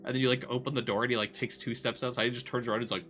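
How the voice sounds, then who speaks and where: A man's voice: medium pitch, little pitch movement, very fast, hardly any pauses, a bit bright. A man streaming a visual novel, joking and laughing in casual commentary. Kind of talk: casual let's-play commentary. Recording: music playing behind.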